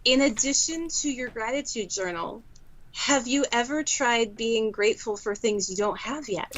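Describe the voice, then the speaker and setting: A woman's voice: a little high, normal speed, a bit bright, lo-fi sound. A woman guest on a podcast, chatting casually in an encouraging, affirming way. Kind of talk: casual chat.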